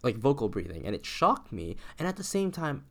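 A young man hosting a solo podcast, rambling in a meandering way with many restarts, his voice lower than usual because he is sick. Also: big pitch swings, a little fast, fairly bright tone. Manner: meandering, self-interrupting, with frequent restarts. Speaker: podcast host.

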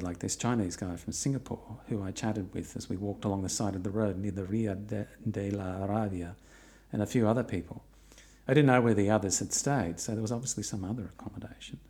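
A middle-aged man with a fairly low, darkish voice narrates his own long walk. His personal travel account is reflective, laced with dry, wry humour.

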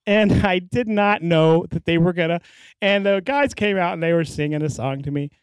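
A woman's voice: on the low side, moderate pace, clear, resonant tone, dry recording. A woman in her forties chatting casually as a podcast guest, telling stories in an easygoing, laughing way. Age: 40s. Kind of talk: casual chat.

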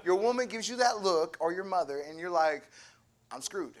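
A young man giving a sermon, humorous and animated, acting out little voices in his asides. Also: high-pitched, fairly quick. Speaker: preacher.

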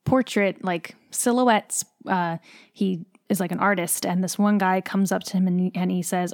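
A young stage actor chats freely in a casual interview, using "like" constantly and growing emotional. Her voice is lowish with fairly even intonation at a moderate pace, captured in clean studio quality with no echo.

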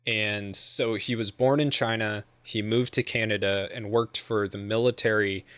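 A man's voice: fairly low pitch, steady tone, normal speed, fairly bright tone, no room sound. A young man co-hosting a podcast in casual chat, rambling with lots of swearing and laughter. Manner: rambling, profane, laughs often. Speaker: podcast co-host.

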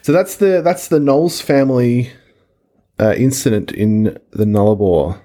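A man's voice: medium pitch, measured pace, dark tone. A man co-hosting a podcast, laid-back and sweary, often backing up others with "yeah". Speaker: podcast co-host. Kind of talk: casual podcast chat.

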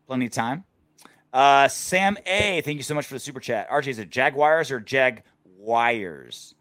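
A man's voice: medium pitch, animated, a little fast, fairly bright tone, no room sound, clean studio sound. A man hosting a casual sports show after a game, rambling and joking crudely. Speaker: podcast host.

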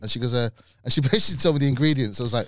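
A man's voice: medium pitch, rapid-fire, a bit bright, no echo, clean studio sound. A man guesting on a podcast, telling stories in casual banter, laughing often and swearing freely.

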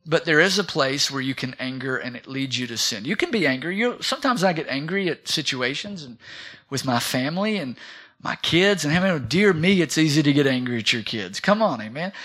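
Brief: middle-aged man preaching, bright, a bit high, rousing, calls for amens. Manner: rousing, calls for amens, swings between loud and soft. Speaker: pastor. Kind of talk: sermon. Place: church sanctuary.

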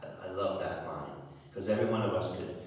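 A man's voice: sits low, brisk, darkish tone. A man giving a homily, talking conversationally and often repeating words as he restarts. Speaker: preacher. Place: church. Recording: echoey church from far off.

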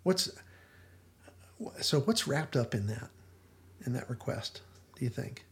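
A man's voice: mid-range voice, lively intonation, slow. A male podcast host casually discussing a TV episode, retelling its scenes with lots of restarts and fillers.

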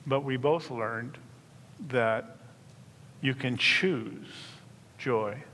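A man's voice: mid-range voice, bright, forceful tone. Man preaching in a reverberant hall. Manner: earnest preaching with slow emphatic stresses. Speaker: pastor. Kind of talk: sermon. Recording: reverberant hall, faint room noise.

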